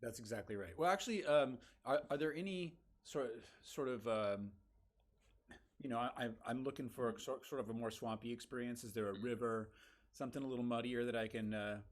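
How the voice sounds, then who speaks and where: Man, tabletop player, mid-pitched voice, easygoing, halting restarts. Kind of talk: in-character tabletop role-play.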